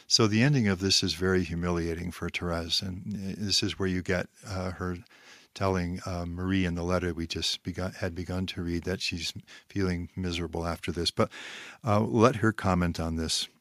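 A man reading a spiritual text aloud, pausing to comment in a measured, reflective way and stressing key phrases. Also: low-pitched, no echo, studio quality.

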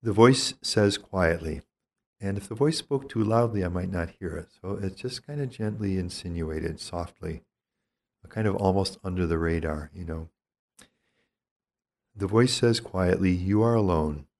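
A man's voice: sits low, measured pace, a little mellow, slight background noise. A middle-aged man, a priest, giving a reflective spiritual teaching talk and reading aloud from his own journal.

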